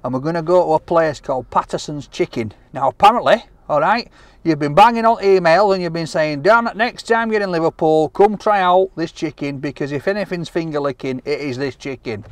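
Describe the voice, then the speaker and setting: A man hosting a casual food vlog, chatting excitably while walking outdoors through city streets. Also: high voice. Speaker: food vlogger host.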